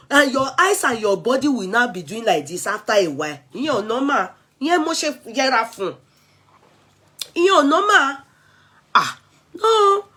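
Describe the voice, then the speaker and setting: A Nigerian woman vlogger in an animated, chatty rant, switching freely between English, Yoruba and pidgin. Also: fairly high pitch.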